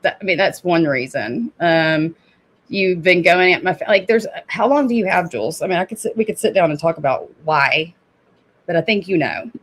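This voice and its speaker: A woman's voice: on the low side, expressive, moderate pace. A woman in her thirties hosting reaction commentary, confrontational and sarcastic, swearing and laughing as she talks. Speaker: drama commentary host. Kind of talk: reaction commentary on a played stream.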